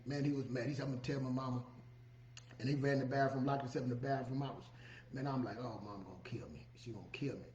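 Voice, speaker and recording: Middle-aged man hosting a casual monologue, a bit high-pitched, recorded in an echoey room. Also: mellow. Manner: folksy, repeats "you know what I'm saying". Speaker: podcast host. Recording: echoey room, dull lo-fi sound.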